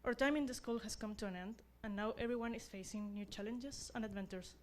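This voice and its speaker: A woman's voice: a little high, fairly quick. A young woman who is not a native English speaker, giving an earnest, self-deprecating graduation speech as class representative.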